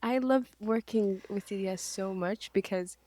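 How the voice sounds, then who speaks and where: A woman chatting on a podcast in a relaxed, friendly way, her voice at a middle pitch. She keeps checking that her point comes across. The sound is dry and close, with no room echo. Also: normal speed. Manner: warm, often checks in with "does that make sense?". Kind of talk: casual conversation.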